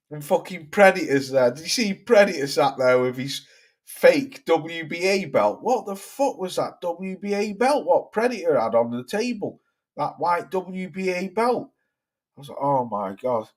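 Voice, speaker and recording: A man's voice: on the high side, a little mellow. A middle-aged man hosting a boxing livestream, ranting casually and swearing with exasperation as he reads out viewer comments. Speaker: boxing channel host.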